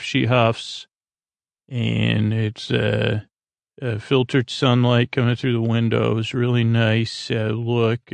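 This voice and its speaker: A man's voice: mid-range voice, vocal fry, no room sound. A man hosting a podcast, casually retelling a TV episode scene by scene in a rambling way with lots of filler words. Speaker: podcast host.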